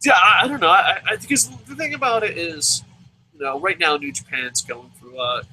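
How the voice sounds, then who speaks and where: A male wrestling review host chatting casually, animated, swearing and talking in bursts. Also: sits high, moderate pace, a little hiss or hum, low-quality recording. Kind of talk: casual chat.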